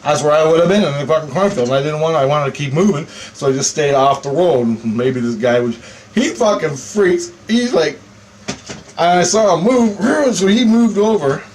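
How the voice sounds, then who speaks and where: Man, profane rambling vlog rant, swears nonstop, animated storyteller, faint background hiss. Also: fairly high pitch, moderate pace. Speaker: vlogger.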